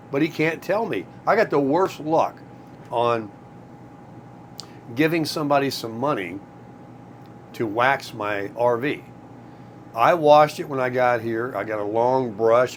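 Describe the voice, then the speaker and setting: A middle-aged man casually vlogging his morning routine. He rambles chattily to the viewers while cooking, drifting from one small story to the next in a relaxed, unscripted way. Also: mid-range voice, slight background noise. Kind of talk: casual morning vlog chat. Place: home kitchen, RV.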